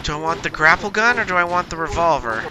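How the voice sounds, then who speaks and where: A man's voice: on the high side, animated, quick pace. A young man hosting a gaming channel, giving jumpy let's-play commentary and talking to himself and to the monsters chasing him.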